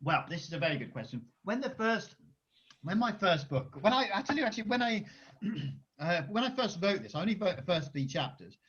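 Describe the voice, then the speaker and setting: A male children's author answering schoolchildren's questions on a video call, chatty and energetic with many restarts. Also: sits high, a little fast. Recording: dull lo-fi video call audio.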